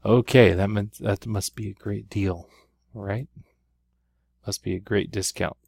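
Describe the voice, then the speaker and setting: A man's voice: lowish voice, fairly even intonation, a little slow, gravelly, a little mellow, husky, dry recording, clean studio sound. A man teaching a Spanish grammar lesson, walking through exercises step by step and often checking in with "right?". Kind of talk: recorded classroom lesson.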